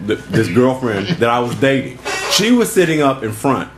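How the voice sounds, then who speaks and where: A man's voice: mid-range voice, normal speed. A man co-hosting a morning talk show, telling stories with lots of laughter in casual banter. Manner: animated storyteller, laughs a lot.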